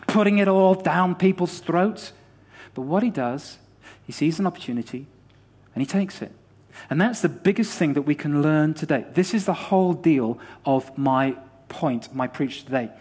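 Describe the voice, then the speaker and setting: A man preaching a sermon as pastor, animated and repetitive, acting out short dialogues. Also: on the high side, normal speed.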